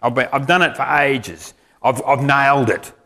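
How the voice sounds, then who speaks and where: A man's voice: medium pitch, moderate pace, bright, forceful tone, natural voice. A man preaching, voicing a boastful young rich ruler in his own voice. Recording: reverberant hall.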